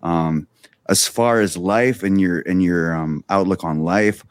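A man hosting a podcast, thinking out loud in a relaxed way with loose restarts. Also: deep voice, unhurried, no room sound, clean studio sound. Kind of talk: casual podcast conversation.

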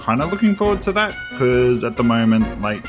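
A man's voice: medium pitch, very animated, a little fast, music in the background. A man from Australia co-hosting a casual gaming podcast in a laid-back, mumbling way. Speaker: podcast co-host. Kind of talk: casual chat.

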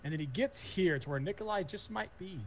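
A man's voice: high voice, a little fast, a little hiss or hum. A man narrating as game master, casual and full of fillers. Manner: loose, filler-heavy narration.

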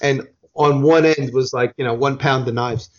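An American man spins a long, meandering story in casual podcast chat, backing up to correct himself and dropping the odd curse. His voice sits at an ordinary middle pitch. The recording sounds dull and lo-fi. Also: steady tone, normal speed. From United States. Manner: rambling, self-correcting, profane.

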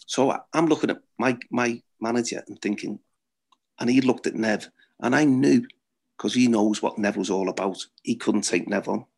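Gravelly middle-aged man telling stories. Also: medium pitch, moderate pace, darkish tone. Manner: blunt, swearing, laughs at own stories. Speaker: former footballer guest. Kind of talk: anecdotal storytelling.

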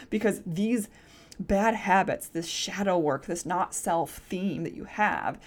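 A young adult woman hosts a casual solo podcast. Her pitch sits mid-range for a woman. She thinks out loud in a relaxed way, with frequent "like" fillers and strings of questions to herself. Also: moderate pace. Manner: reflective, talks through rhetorical questions with many "like" fillers. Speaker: podcast host.

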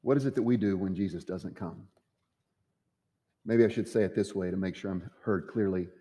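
A man's voice: low-pitched, moderate pace, mellow, big-room sound. A man preaching a sermon as pastor, acting out the quoted voices with dramatic swings. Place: church sanctuary.

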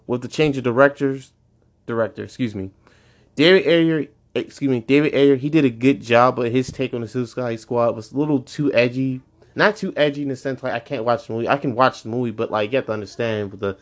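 A young adult man hosting his own podcast, ranting casually and profanely, his voice jumping high when he gets annoyed. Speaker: podcast host. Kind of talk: casual solo podcast rant.

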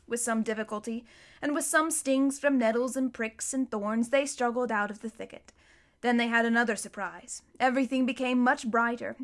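A woman narrating a children's storybook in a clear, even, unhurried manner. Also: fairly high pitch. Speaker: audiobook reader.

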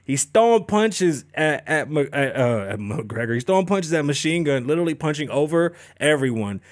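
A man's voice: a little high, expressive, moderate pace, dry recording, studio quality. A man hosting a podcast, ranting casually and profanely with lots of swearing. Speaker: podcast host. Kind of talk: casual chat.

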